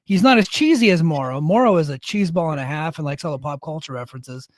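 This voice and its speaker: A man's voice: fairly high pitch, lively intonation, quick pace, no echo, clean studio sound. A man co-hosting a podcast in casual chat, blunt and opinionated, swearing freely. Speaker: podcast co-host.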